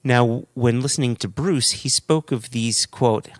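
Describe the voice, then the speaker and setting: A man's voice: mid-range voice, a little slow, dry recording. A man co-hosting a podcast, chatting casually and reading listener emails aloud, often laughing as he goes. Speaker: podcast co-host.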